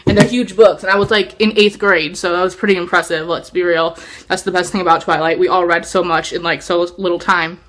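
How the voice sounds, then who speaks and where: A woman's voice: lowish voice, steady tone, a little fast, fairly bright tone. A young woman chatting casually to camera about the books she read, rambling along with lots of fillers. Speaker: book vlogger.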